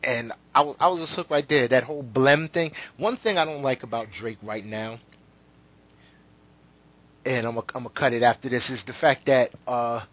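A man's voice: medium pitch, normal speed. A man co-hosting a podcast, chatting casually and rambling through an album review, laughing often. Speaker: podcast co-host. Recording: dull lo-fi podcast audio.

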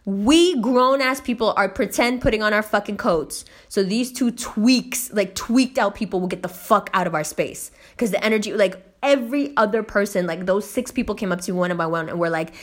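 A woman's voice: medium pitch, normal speed, few pauses. Young woman, slangy storytelling rant, heavy swearing, emphatic. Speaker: host.

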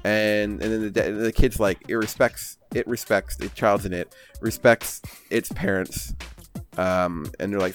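A man's voice: lowish voice, fairly even intonation, measured pace, faint music behind. A young man hosting a casual podcast, rambling through a comic story with swearing and many fillers. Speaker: podcast host. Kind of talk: casual chat.

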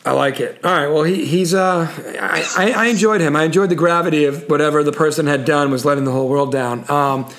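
A man's voice: fairly high pitch, fairly quick, hardly any pauses, fairly bright tone. A man hosting an interview show, easygoing and joking, with frequent restarts. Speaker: podcast host. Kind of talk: casual interview chat.

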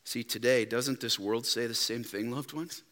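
A man preaching a sermon as pastor, emphatic, dropping to quiet rhetorical questions. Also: medium pitch, fairly even intonation, moderate pace. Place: church. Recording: long reverb in a church hall.

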